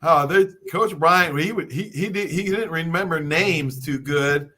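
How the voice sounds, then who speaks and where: A man's voice: fairly high pitch, measured pace, bright, forceful tone. A man hosting a casual group conversation, telling stories with frequent restarts and stammers. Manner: stammering, storytelling. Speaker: host.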